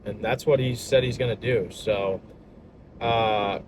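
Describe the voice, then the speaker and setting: A man's voice: lowish voice, fairly even intonation, a little slow. A young man chatting casually in an upbeat, slangy, rambling way, talking straight to his viewers. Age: young adult. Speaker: vlogger and salesman. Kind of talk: casual vlog chat. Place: outdoors by a road. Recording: outdoor traffic noise.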